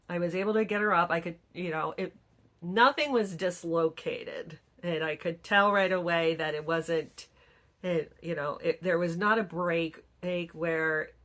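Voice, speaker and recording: A woman's voice: fairly low pitch, a bit bright. A middle-aged woman vlogger telling stories in casual chat, acting out the people she quotes. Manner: chatty storytelling, acts out quoted people.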